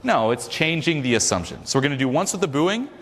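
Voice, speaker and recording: A man leading a seminar, coaching a live audience in a loud, profane, energetic way. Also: a little high, fast. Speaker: seminar leader. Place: large hall with a live audience. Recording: echoey hall with crowd noise.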